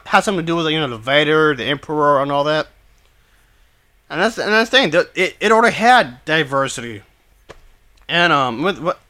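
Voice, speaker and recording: A man giving an opinion commentary, talking in halting bursts with many restarts and repeated phrases, blunt and dismissive in his views. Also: on the high side, sharp tone. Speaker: video commentator.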